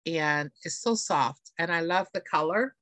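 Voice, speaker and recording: A woman's voice: on the low side, measured pace, a bit bright, dry recording. A woman presenting beauty products in a chatty, enthusiastic way, often checking in with her audience. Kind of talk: live product demonstration. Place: home, on camera.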